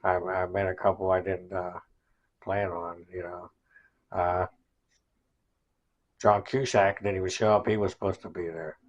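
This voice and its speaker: A man's voice: deep voice, little pitch movement, measured pace, long pauses, dull audio. A man hosting a podcast, casually recapping in a rambling way with many fillers. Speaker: podcast host.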